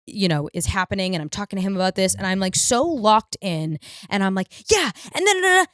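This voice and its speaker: A woman's voice: medium pitch, fairly quick, dry recording, studio quality. Profane rambling woman podcaster. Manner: rambling, profane, animated storytelling. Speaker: podcast host. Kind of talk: casual comedic monologue.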